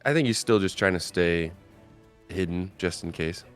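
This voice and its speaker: A man playing a tabletop game, speaking in a hesitant, halting way as he plans his character's moves. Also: sits low, soft background music. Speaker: player. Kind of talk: casual chat in a tabletop game.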